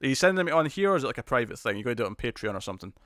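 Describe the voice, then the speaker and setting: A man's voice: medium pitch, very animated, very fast, fairly bright tone, dry recording. A man from the UK hosts a live stream, reading out viewer comments in a loose, rambling style. He stammers, restarts his sentences and often chuckles. His voice sits mid-range and is recorded dry and close.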